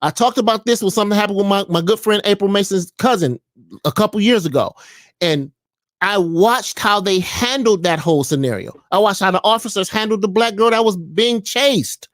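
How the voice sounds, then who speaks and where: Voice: mid-range voice, fairly quick, dry recording, studio quality. A vlogger ranting in a preachy, mocking way, often asking the audience questions. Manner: animated, preachy, mocking, jumps between voices. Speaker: commentary vlogger. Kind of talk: ranting commentary vlog.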